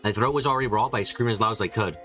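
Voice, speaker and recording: A man's voice: fairly low pitch, rapid-fire, bright, forceful tone, soft background music. A man reading a visual novel aloud and commenting casually, swearing and laughing often. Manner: swears a lot, laughs, chatty. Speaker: game streamer.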